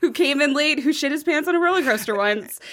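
A woman's voice: sits high, fast, a little hiss or hum. A young woman co-hosting a podcast, telling a story with lots of swearing and laughter. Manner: profane, laughing, lively storyteller. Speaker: podcast co-host. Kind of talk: casual chat, storytelling.

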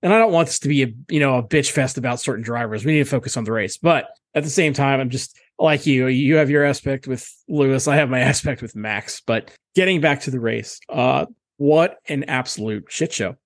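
A man's voice: medium pitch, brisk, no echo. A man co-hosting a casual podcast, rambling and opinionated, swearing often. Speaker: podcast co-host. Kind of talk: casual chat.

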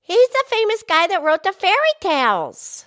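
A woman's voice: very high-pitched, normal speed, full character voice. A woman voicing a cheerful, curious female pig who co-hosts a playful podcast and asks eager questions. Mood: bubbly. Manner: excitable, chatty, eager questions. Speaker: podcast co-host. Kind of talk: playful kids' podcast role-play.

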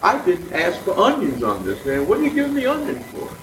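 A man from the congregation acting out an angry fast-food customer complaining about his order, in an indignant, whiny way. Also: high voice, huge pitch swings, a bit bright, reverberant, far from the mic, slight background noise, pitched above the performer's own voice, heavily acted, low-quality recording. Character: irate adult male fast-food customer. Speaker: congregation volunteer.

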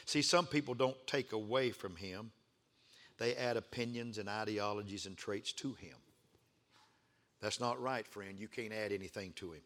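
A male preacher with a bright, forceful voice delivers a sermon in a rolling, repetitive cadence. He swings between hushed, intimate passages and loud, fervent calls for the congregation to answer back. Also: on the low side, moderate pace. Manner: builds from hushed to fervent shouting with call-and-response.

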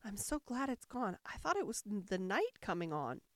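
Woman voicing an earnest, polite young girl in a storybook; bright, lively delivery with a dry, close sound. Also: mid-range voice, moderate pace, no room sound, natural voice. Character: polite, curious little girl Alice.

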